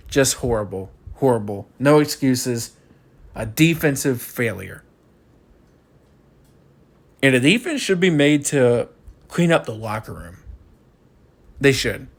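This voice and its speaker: A man's voice: medium pitch, expressive, measured pace, pauses often. Frustrated young man ranting after a loss. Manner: frustrated, ranting, repeats himself. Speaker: college football fan commentator. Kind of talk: postgame rant.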